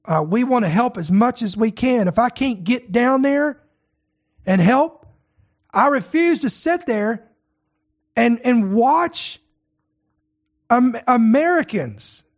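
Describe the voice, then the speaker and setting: A man's voice: very high-pitched, expressive, slow pace, pauses often. A man who leads a ministry, hosting an online show and delivering impassioned, indignant commentary full of rhetorical questions.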